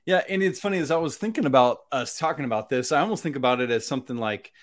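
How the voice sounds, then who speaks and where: A man's voice: mid-range voice, expressive, quick pace. A man co-hosting a casual sports podcast, chatty and self-deprecating, often laughing at himself. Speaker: podcast co-host.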